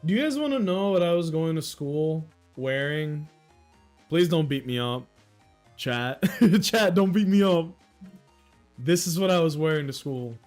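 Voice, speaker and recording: A man's voice: fairly high pitch, expressive, normal speed, darkish tone, soft background music. Rambling self-mocking man streaming. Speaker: livestream host. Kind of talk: casual livestream chat.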